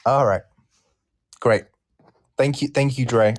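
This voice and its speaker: A British man hosting a casual online chat, playful and quick to laugh. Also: mid-range voice. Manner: animated, laughs often, playful. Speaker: host.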